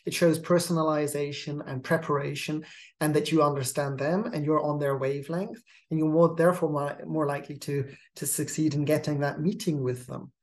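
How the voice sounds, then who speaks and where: A host giving a measured, advisory talk on pitching, often repeating words as they restart a phrase. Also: steady tone, darkish tone. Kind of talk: instructional monologue.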